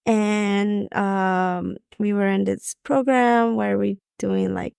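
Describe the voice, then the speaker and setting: A woman's voice: medium pitch, fairly even intonation, takes it slowly, gravelly, a little mellow, smooth, no room sound, clean studio sound. A woman who is a guest on a spiritual podcast, thinking aloud in a searching way as she talks. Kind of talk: casual spiritual conversation.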